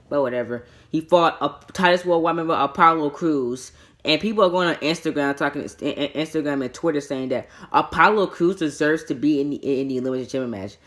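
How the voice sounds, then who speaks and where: A man's voice: medium pitch, a bit bright. A man giving a casual spoken show review, rambling with frequent stammered restarts and repeated words, and breaking into exasperated mini-rants.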